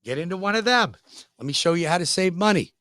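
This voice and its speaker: A middle-aged man gives a hard-sell radio pitch, pushy and folksy. He hammers his points home by repeating them. His voice sits a bit high and is recorded dry and close. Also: expressive, fast, a bit bright, no room sound. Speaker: radio show host and mortgage lender.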